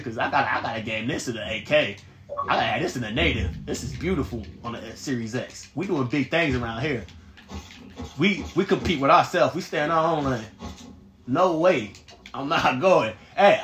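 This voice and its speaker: A man streaming a game live, commenting loudly and profanely and trash-talking his teammates in excited bursts. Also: medium pitch, echoey room.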